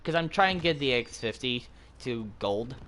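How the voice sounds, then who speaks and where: A young man hosting a gaming channel, chatting casually with friends while he plays and bursting into excited yelps and laughs. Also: medium pitch, moderate pace, slight background noise. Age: young adult.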